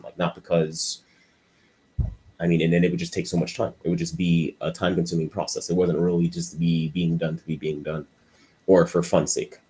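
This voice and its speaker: A man with a low voice talks through an unscripted video essay. He rambles and stumbles over his words, restarting sentence after sentence. His voice has a husky edge. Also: dark tone. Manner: rambling, stuttering, many restarts. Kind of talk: unscripted commentary monologue.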